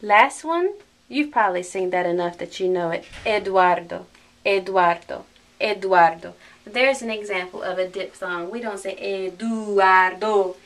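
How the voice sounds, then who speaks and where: A woman teaching Spanish pronunciation in a recorded lesson, slowly drilling each word with careful repetitions. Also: medium pitch, expressive.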